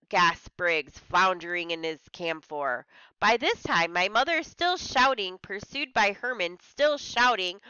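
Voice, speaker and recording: A woman's voice: mid-range voice, pushed and bright, clear, resonant tone, dry recording, dull audio. A woman teacher reading a story aloud to a class, stopping to explain hard words in simple terms.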